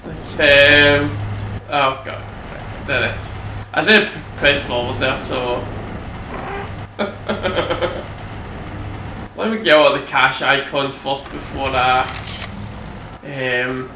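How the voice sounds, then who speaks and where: A Scottish man chats through his gameplay in a rambling, sweary way, at an easygoing pace. His voice sits fairly high and bright. He is picked up from a little way off the mic in an echoey room, with faint noise behind him. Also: drawn-out words, long pauses. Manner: rambling, sweary, chatty asides. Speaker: gameplay commentator. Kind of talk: casual let's-play commentary.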